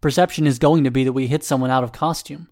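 A man's voice: mid-range voice, fairly even intonation, quick pace, darkish tone, close to an everyday voice. A man reading a story, voicing a cautious young male hero in a slightly raised voice. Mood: doubtful.

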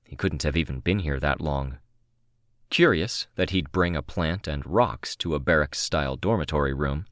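A man narrating a novel in the first person, calm and measured, close to the microphone. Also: rumbling low, no echo. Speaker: audiobook narrator.

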